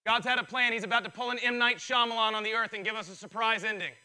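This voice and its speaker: A male pastor preaching a sermon, excitable and building in intensity, his voice strained from preaching. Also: high voice, fast, rough recording.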